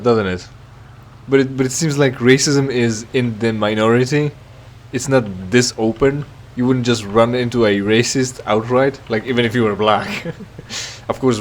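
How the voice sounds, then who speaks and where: A man's voice: lowish voice, a little hiss or hum. A man giving casual, joking commentary while playing a game, rambling with stammered restarts. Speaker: let's play gamer.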